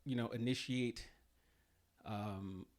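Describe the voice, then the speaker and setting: A man's voice: medium pitch, fairly even intonation, slow, darkish tone. Laid-back laughing podcast host man. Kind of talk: casual podcast chat.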